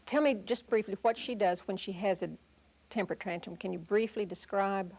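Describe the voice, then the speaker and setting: A woman parenting expert giving calm, direct advice on discipline and answering a caller's question. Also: mid-range voice, normal speed. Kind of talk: instructional talk and call-in advice.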